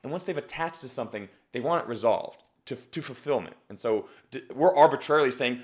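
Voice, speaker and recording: Lively, swearing comedy coach. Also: male voice, mid-range voice, fast, few pauses. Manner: animated, swears, repeats words, acts out examples. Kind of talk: live-stream commentary.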